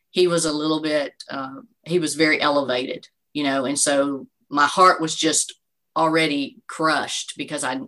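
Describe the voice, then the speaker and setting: A woman in her forties speaks in a deep register, yet her tone stays bright and forceful. She tells her story as an interview guest, earnest and faith-filled, with many "you know"s. Her manner is heartfelt personal testimony. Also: rough recording. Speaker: guest, bereaved mother.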